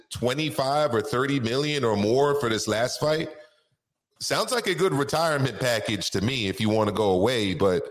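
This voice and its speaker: A man's voice: fairly high pitch, a bit bright, echoey room. A man co-hosting a casual boxing talk show, stretching names out in a sing-song way for emphasis.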